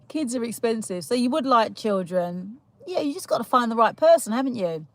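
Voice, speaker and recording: Greeting viewers on a casual livestream, a young British host chats and giggles, with lots of fillers and restarts. She talks fairly quickly with lively intonation in a voice on the high side. The recording is low quality, with slight background noise.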